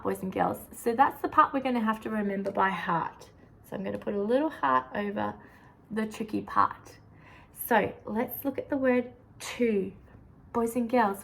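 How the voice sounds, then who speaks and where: A young woman, a teacher showing how she teaches a lesson, with a clear, sing-song classroom voice that sounds out words slowly. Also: medium pitch, low-quality recording.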